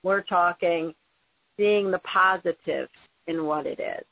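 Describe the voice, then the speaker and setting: A woman's voice: fairly low pitch, slow pace, gravelly, dry recording. A woman hosting an interview, speaking in an earnest, emphatic and encouraging way. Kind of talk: conversational interview. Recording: phone-like tinny audio.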